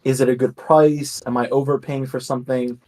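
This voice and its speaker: A man's voice: mid-range voice, level tone, a little fast, mellow. A man speaking as a guest co-host, easygoing and matter-of-fact in casual chat.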